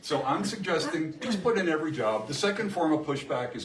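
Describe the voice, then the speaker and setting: Lively man presenting in an echoey room. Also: fairly high pitch, brisk, recorded from a distance, a little hiss or hum. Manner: lively, emphatic, asks the audience questions. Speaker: seminar presenter. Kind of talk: live workshop talk to an audience. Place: chamber of commerce meeting room.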